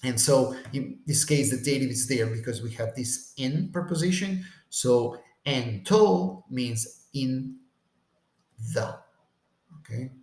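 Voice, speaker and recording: A man's voice: medium pitch, slow, a little mellow. Man teaching Greek in a roomy echo. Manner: checks in with "okay?" after almost every point. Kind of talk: Bible language lecture.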